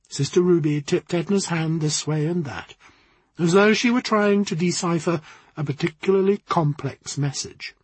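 A man reading a story aloud in an expressive, wry narration. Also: on the high side, husky, no room sound.

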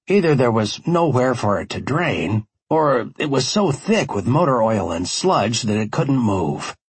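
A man's voice: mid-range voice, very animated, measured pace, breathy edge, dry recording. A man narrating a first-person audiobook in a wry, conversational storytelling manner.

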